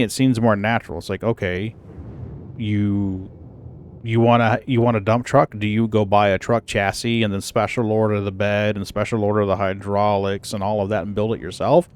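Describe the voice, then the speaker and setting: Male streamer, low-ish voice, easygoing and profane, faint background hiss. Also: fairly even intonation, a little fast. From North Dakota. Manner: laid-back, swears casually. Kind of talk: casual gaming chat.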